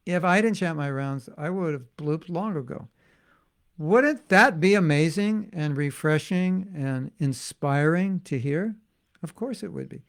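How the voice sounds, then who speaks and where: Spiritual teacher, male, gravelly voice. Relaxed, musing class talk with lots of restarts. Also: on the high side, unhurried. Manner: conversational and musing, with frequent restarts and asides. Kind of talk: informal devotional class talk.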